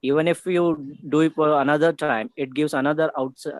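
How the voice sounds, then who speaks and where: A man's voice: on the high side, fairly even intonation, fairly quick, slight background noise. A man giving polite, hesitant feedback to a teacher in an online class, with many fillers. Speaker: class participant.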